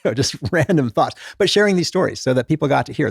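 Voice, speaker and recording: Fast-talking gravelly middle-aged man. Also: medium pitch, no room sound, studio quality. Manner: animated, self-deprecating, lots of restarts and quoted inner thoughts. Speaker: guest author, former doctor. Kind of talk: casual interview storytelling.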